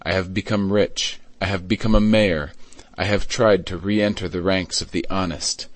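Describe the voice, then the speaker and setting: A man reading an audiobook, voicing a white-haired mayor who speaks gently but with firm authority. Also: low voice, steady tone, normal speed, dry recording, lightly acted. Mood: solemn. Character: calm white-haired male mayor confessing his past.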